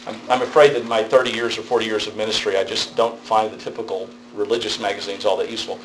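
A man's voice: on the low side, fast, a little hiss or hum, poor audio. A middle-aged man, a pastor, giving a conversational theology lecture, checking in with his listeners as he goes. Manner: conversational, animated storytelling with tag questions.

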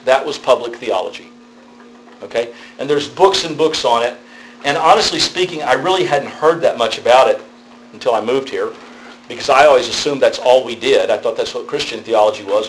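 A man's voice: medium pitch, rough recording. A middle-aged man, a pastor, giving a conversational theology lecture, checking in with his listeners as he goes. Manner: conversational, animated storytelling with tag questions.

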